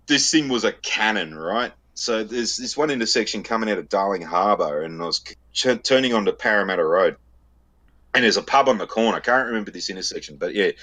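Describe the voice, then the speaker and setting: A man's voice: on the low side, pushed and bright, breathy edge. Foul-mouthed Australian man telling stories. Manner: crude, swears constantly, laughs at his own stories. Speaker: podcast co-host. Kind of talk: casual storytelling banter.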